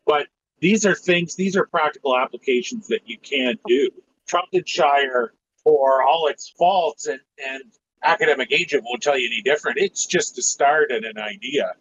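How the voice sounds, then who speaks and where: A man's voice: mid-range voice, normal speed, fairly bright tone. A man in a casual podcast discussion, steering it back to practical advice. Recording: dull lo-fi mic with faint noise.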